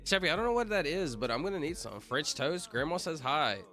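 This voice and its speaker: Animated, rambling male streamer. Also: a little high, brisk, faint music behind. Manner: rambling, joking, reading chat aloud. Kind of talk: casual livestream chat.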